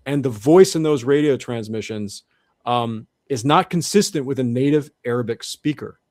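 Interview guest, male, mid-pitched, earnest and methodical, frequent restarts, dry close sound. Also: moderate pace, darkish tone, dry recording. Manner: earnest, restarts often, builds argument step by step. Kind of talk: conversational interview explanation.

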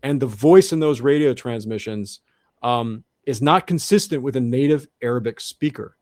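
Male guest, earnest and halting, middle pitch, dry recording. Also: a little mellow, no room sound. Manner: earnest, repeats and restarts often. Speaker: guest researcher. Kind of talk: interview monologue.

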